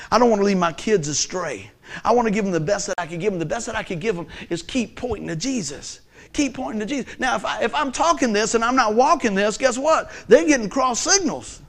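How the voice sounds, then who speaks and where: A man preaching a sermon in a folksy, conversational way, swinging from hushed lines to shouts. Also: high voice.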